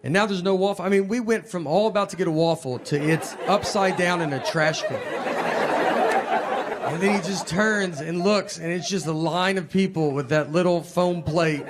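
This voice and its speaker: A man doing a stand-up comedy set, telling stories in a deadpan, low-key manner. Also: moderate pace. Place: live venue with laughing audience. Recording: loud crowd laughter and noise.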